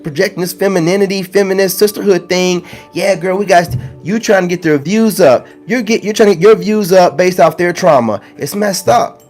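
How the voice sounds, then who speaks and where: Preachy, blunt man with a raised voice. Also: high-pitched. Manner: preachy, blunt, repeats lines for emphasis; slangy, conversational. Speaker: spiritual self-help vlogger. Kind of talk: ranting monologue to viewers.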